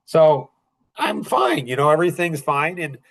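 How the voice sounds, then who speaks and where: A middle-aged man hosting a podcast, telling a family story in a casual, animated way with frequent chuckles. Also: fairly high pitch, measured pace, creaky. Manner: animated, chuckles often between phrases. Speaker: podcast host.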